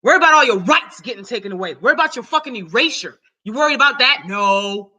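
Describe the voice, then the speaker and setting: A woman hosting her own live stream, ranting loudly and cursing heavily in casual talk. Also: a little high, animated, quick pace, low-quality recording. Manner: loud, profane, heated. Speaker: channel host.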